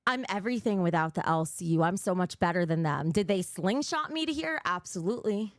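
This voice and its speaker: A woman's voice: fairly low pitch, lively intonation, a little fast, no echo, clean studio sound. A young woman streaming live, talking bluntly and cursing as she reads out viewer donations, a little out of breath. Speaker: livestreamer. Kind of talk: casual livestream chat.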